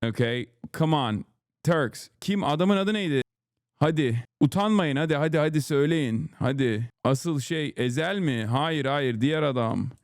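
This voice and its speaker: A man's voice: on the high side, expressive, normal speed, no room sound, studio quality. A man hosting a live stream in a casual, rambling, joking way, reading chat aloud and answering it as a political commentator. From United States. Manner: rambling, joking, loose and irreverent.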